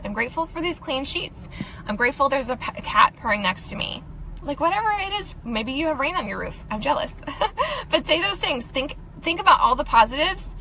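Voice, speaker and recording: Bright, upbeat woman vlogger. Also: on the high side, a little hiss or hum, poor audio. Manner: upbeat, chatty, laughs often. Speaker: self-help vlogger. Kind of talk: casual motivational talk to camera.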